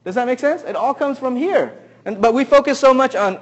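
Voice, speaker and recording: Guy with a pretty high voice giving a sermon, asks the crowd lots of questions, goes loud then quiet. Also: lively intonation, fairly quick, dull audio. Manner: asks the audience many questions. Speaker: pastor.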